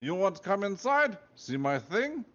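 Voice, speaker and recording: Brief: man putting on a big boisterous Russian guard, thick accent, high and loud, dull lo-fi sound. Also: sing-song, normal speed. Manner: broken English, loud and boisterous. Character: fat sweaty male Russian guard, jolly and odd.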